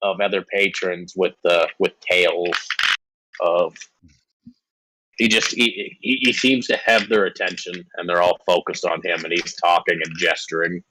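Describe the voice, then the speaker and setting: A man with a lowish voice runs a tabletop game, narrating scenes in a halting, self-correcting way. A faint hiss of noise sits under his voice. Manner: hesitant, restarting, laughs often. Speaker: game master.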